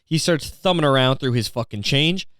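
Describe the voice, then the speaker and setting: Smooth-voiced man ranting with profanity. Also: mid-range voice, animated, moderate pace, a bit bright, no room sound, clean studio sound. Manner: swearing, exasperated, sarcastic storytelling. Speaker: podcast host. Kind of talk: profane comedic rant.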